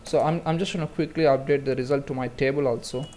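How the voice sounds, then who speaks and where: A man's voice: mid-range voice, steady tone, fast, a little mellow, a little hiss or hum. A man giving a casual screen-recorded coding tutorial, talking through each step with frequent fillers and restarts. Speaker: programming tutor.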